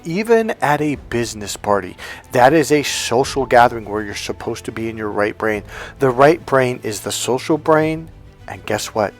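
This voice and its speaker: A man coaching on dating, telling a story in an animated, emphatic casual monologue. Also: medium pitch.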